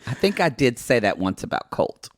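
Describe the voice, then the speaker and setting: A man's voice: medium pitch, very animated, moderate pace, no room sound, clean studio sound. A man co-hosting a podcast in casual chat, playful and campy. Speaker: podcast co-host.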